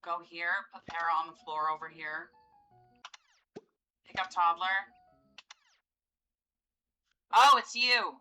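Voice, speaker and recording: A woman's voice: lowish voice, steady tone, a little slow, pauses often, pushed and bright, soft background music, low-quality recording. A woman giving casual gameplay commentary, chatty and coaxing as she pleads with her game characters. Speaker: gameplay video host.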